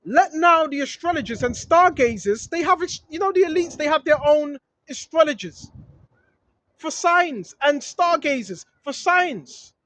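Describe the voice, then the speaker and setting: A high-pitched street preacher talks straight into a camera outdoors, reading verses and breaking off into blunt, slangy scolding. The delivery is fervent and insistent. The sound is dry and close, with no room around it. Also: lively intonation, unhurried, a bit bright, no room sound, poor audio. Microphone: handheld camera filming.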